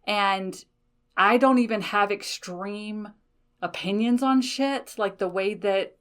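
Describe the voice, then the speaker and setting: A woman's voice: medium pitch, takes it slowly. Frank, laughing woman in her forties. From United States. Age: 40s. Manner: candid, swears freely, laughs often. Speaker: podcast host. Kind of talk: casual solo podcast monologue.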